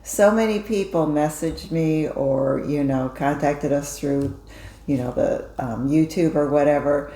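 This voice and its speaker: Woman, co-host, low voice, chatty, earnest, echoey room. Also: unhurried. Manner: chatty, earnest, warm thanks with frequent fillers. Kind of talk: casual chat.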